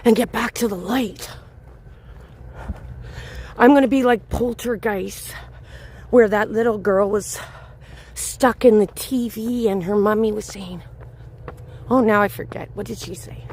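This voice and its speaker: A woman's voice: medium pitch, measured pace, pauses often, darkish tone, a little hiss or hum. A woman hosting a livestreamed night walk outdoors in a city park, chatting casually and answering viewers by name as she walks with her phone. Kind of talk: casual live-stream chat, answering viewers.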